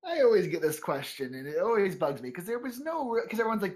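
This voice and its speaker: A man's voice: high voice, expressive, brisk, few pauses, darkish tone. A man who writes stories, answering as a guest in a casual podcast interview, blunt, offhand and profane.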